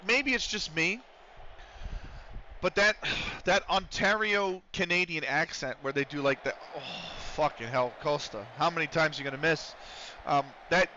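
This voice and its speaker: A man's voice: a little high, pushed and bright, dull audio, a little hiss or hum. A man livestreaming a game, chatting casually with viewers, swearing freely and breaking into play-by-play calls. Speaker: streamer.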